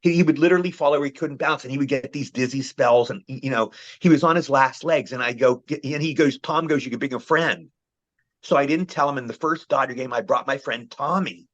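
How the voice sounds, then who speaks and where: A man's voice: medium pitch, fairly quick, few pauses, a bit bright. A man, telling rambling anecdotes as the guest of a casual interview. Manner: rambling storyteller, frequent "you know". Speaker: actor guest. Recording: muffled, lo-fi call audio.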